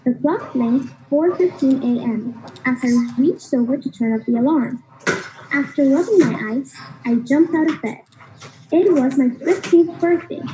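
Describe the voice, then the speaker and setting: A woman reading a first-person story aloud as scripted narration, in an even, measured way. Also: sits high, rough recording. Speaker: audiobook narrator.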